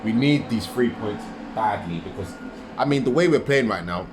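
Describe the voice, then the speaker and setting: A man's voice: on the low side, lively intonation, normal speed, background noise. Fired-up guy going off about his team live, keeps repeating himself, echoey room. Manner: agitated, repetitive ranting. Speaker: football fan vlogger. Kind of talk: live match reaction rant.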